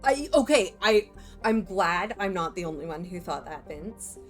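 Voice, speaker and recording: A woman's voice: on the low side, expressive, measured pace, faint music behind. Chatty woman streaming a game. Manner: chatty, self-interrupting, talking to viewers. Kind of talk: casual game commentary.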